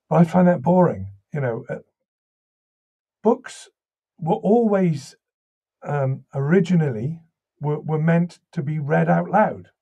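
Husky man with a slight Welsh accent. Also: on the high side, highs cut off. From Wales. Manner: animated anecdotal storytelling, many restarts. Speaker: voice actor and audiobook narrator. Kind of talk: interview conversation.

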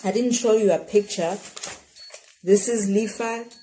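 A woman reading a children's storybook aloud in an expressive way, with dramatic pauses. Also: mid-range voice, a little hiss or hum.

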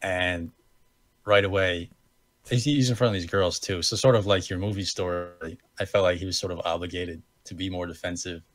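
A young American man co-hosts a podcast, his low voice holding a fairly even intonation at a normal speed. He tells a casual story in a rambling way, correcting himself and laughing at his own expense.

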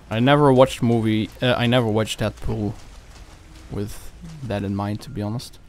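A man casually chatting during a co-op game, jumping between loud excited yelps and low mumbling. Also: vocal fry, slight background noise. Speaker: gamer playing co-op. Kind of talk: casual co-op gameplay banter.

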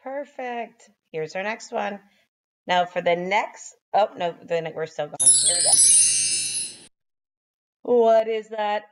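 A woman teaching young children phonics, sounding out letters slowly and praising them, a little sleepy and yawning. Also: mid-range voice, a little hiss or hum.

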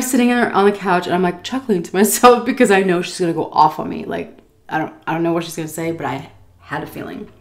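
A woman in her thirties from the United States, casually telling an animated story while eating, often laughing and acting out voices. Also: medium pitch. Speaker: food vlogger telling a story.

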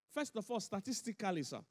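Animated pastor, high voice, church reverb. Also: male voice, breathy edge. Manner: animated, laughing, emphatic repetition. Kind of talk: sermon.

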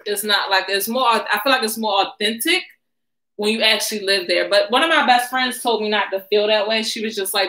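Chatty woman, bright voice. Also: medium pitch, a little fast, low-quality recording. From Baltimore. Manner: chatty, addresses viewers in slang. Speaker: livestream host. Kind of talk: casual live-stream chat.

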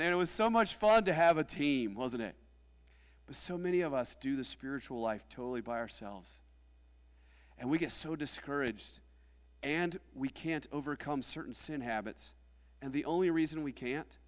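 A pastor preaching a sermon, swinging between loud rallying calls and quieter, hushed asides. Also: male voice, medium pitch. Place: church sanctuary. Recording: long hall reverb.

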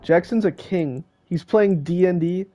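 On a muffled recording, a teen streamer talks a little slowly in a high, mellow voice, casually joking with friends on a call as he plays a video game.

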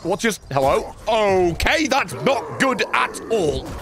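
Excitable man doing game commentary. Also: sits high, slow pace, over music. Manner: excitable, sarcastic, swearing, frequent yelps and laughs. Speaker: gaming channel host. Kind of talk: gameplay commentary.

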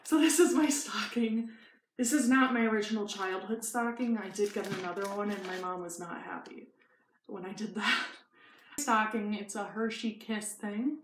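A woman's voice: mid-range voice, normal speed. Giggly young woman in an echoey room. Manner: chatty and giggly, with many fillers. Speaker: vlogger. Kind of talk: casual haul chat. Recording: echoey room with faint noise.

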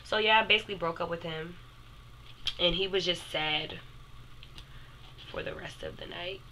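Young girl doing a storytime vlog, low-ish bright voice, lil background hiss. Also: moderate pace. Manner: animated, addresses viewers as "y'all". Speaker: vlogger. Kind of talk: casual storytime.

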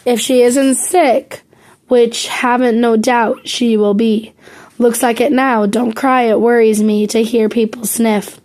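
Storybook old aunt, gruff and sharp-tongued, slow delivery — female reader voicing her. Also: on the high side, fairly even intonation. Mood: scolding. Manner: gruff, scolding.

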